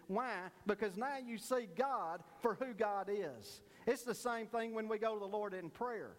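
A man's voice: sits high, lively intonation, measured pace, in a large hall. A man preaching a sermon, telling a folksy joke story and then teaching earnestly about prayer. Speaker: pastor.

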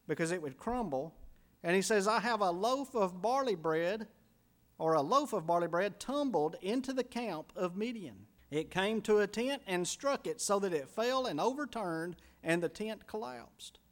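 Male pastor, high-pitched, folksy storytelling sermon delivery. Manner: folksy storytelling preacher, drops to quiet for emphasis.

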